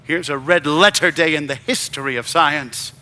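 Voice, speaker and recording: An actor playing an eccentric, excitable older male scientist in a stage musical, with a grand, theatrical delivery. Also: on the high side, normal speed, soft background music. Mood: grandiose.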